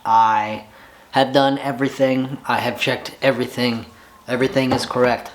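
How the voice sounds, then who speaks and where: A man's voice: mid-range voice, a little slow. Exasperated man in a garage vlog. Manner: exasperated, excitable, rambling. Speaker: home motorcycle mechanic. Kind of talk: casual vlog. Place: home garage.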